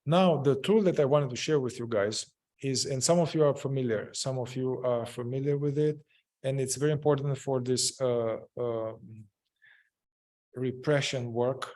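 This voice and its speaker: A man's voice: mid-range voice, normal speed, a little mellow. Hesitant man guiding a group. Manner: hesitant, many fillers and restarts. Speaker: group facilitator. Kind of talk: guiding a group in therapeutic inquiry.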